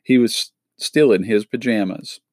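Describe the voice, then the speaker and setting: A man reads a children's novel aloud in a steady, measured way. His voice sits fairly low, and the recording is close and dry with no room sound. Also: dry recording. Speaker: audiobook reader.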